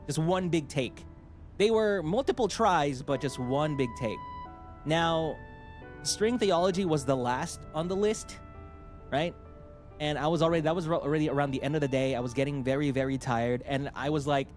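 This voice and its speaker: Animated young-sounding male streamer, slightly high. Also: moderate pace, faint music behind. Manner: rambling, animated storytelling with frequent laughs and restarts. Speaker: VTuber streamer. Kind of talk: casual stream chat.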